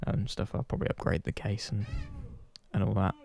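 A man's voice: on the low side, fairly quick, gravelly, darkish tone. A man chatting casually to his channel's viewers, rambling and self-deprecating, swearing offhand. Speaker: gaming channel host. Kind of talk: casual chat to camera.

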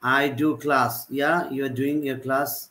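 Slow-speaking man teaching online. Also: medium pitch, steady tone, bright, forceful tone, rough recording. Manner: repetitive example sentences, halting delivery. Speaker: English teacher. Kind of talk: live online typing class.

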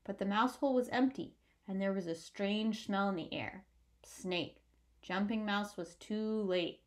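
A woman reading a picture book aloud with clear, expressive storytelling. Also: medium pitch, unhurried.

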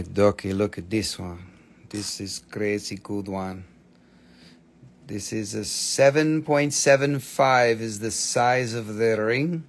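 A man selling stones on a live shop stream, in joking patter with playful broken English. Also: medium pitch. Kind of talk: live sales pitch.

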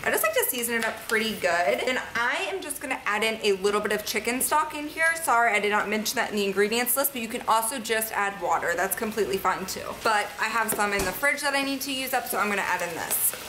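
A woman's voice: a little high, lively intonation, fast talker, hardly any pauses, sharp tone, slight background noise. A woman talking viewers through a recipe step by step in her home kitchen, in a casual, chatty way. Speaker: cooking vlogger. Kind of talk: casual cook-along narration.

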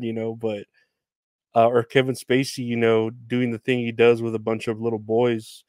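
A man's voice: mid-range voice, completely flat delivery, moderate pace, darkish tone, smooth, no echo, clean studio sound. Rambling sardonic man ranting solo. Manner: rambling, sardonic and profane, full of fillers. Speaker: podcast host. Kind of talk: casual solo podcast rant.

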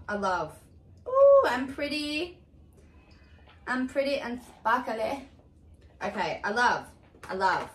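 A young woman in her twenties chatting casually through a haul unboxing, excitable, exclaiming and swearing freely. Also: medium pitch. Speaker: vlogger. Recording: echoey room with faint hiss.

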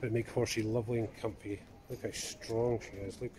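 A woman's voice: very deep voice, fairly even intonation, a little fast, noisy background. A woman chatting casually while filming at a riding stable, cooing at the horses and encouraging her child with lots of tag questions. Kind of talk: casual vlog chat. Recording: music playing over the voice.

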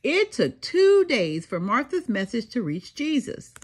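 An older woman reading a children's storybook aloud, slow and sing-song with dramatic pauses and a softly breathy voice. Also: fairly high pitch, big pitch swings. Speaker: storybook reader. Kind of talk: expressive children's read-aloud.

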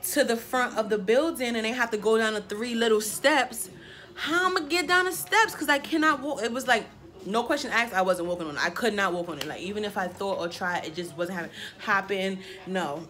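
Dramatic young woman telling a storytime. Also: mid-range voice. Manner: dramatic, animated storytelling with lots of filler phrases. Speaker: vlogger. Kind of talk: casual storytime chat.

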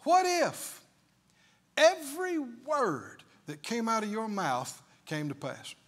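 A man's voice: very high-pitched, very animated, takes it slowly, a bit bright. A male preacher delivering a sermon emphatically, full of rhetorical questions.

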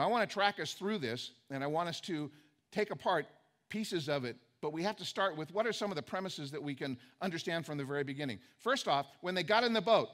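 A man's voice: high-pitched, expressive, fast, a bit bright. A male pastor preaching a sermon, reading scripture aloud and explaining it with emphatic, conversational asides. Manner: expository, reads scripture aloud then explains it.

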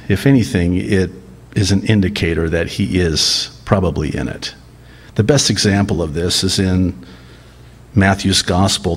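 A male pastor preaching a sermon, telling a Bible story with deliberate emphasis, rising sharply for dramatic quoted lines and chuckling now and then. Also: lowish voice, slightly rough.

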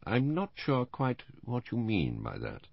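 A man reading an audiobook, voicing a calm, defiant, unemotional older blind woman who runs a spy ring. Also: mid-range voice, unhurried, creaky, husky, no echo, muffled recording, voice pushed up, exaggerated voice. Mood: cool. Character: cold, composed blind older woman spymaster. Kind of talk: audiobook character voice.

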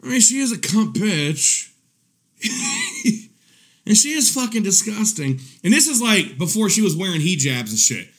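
Man streaming, rambling and cussing, higher voice, pitch jumping all over, laughs a lot. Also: wildly swooping pitch, measured pace, long pauses, a bit bright. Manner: profane, repetitive, laughs often. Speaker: live-stream commentary host. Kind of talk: casual rambling stream talk.

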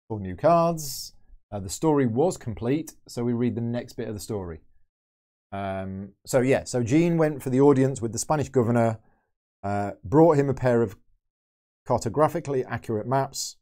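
Mellow man thinking aloud. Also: medium pitch, animated, normal speed. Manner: thinks aloud, counting and explaining moves. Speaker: board game channel host. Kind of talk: solo game playthrough commentary.

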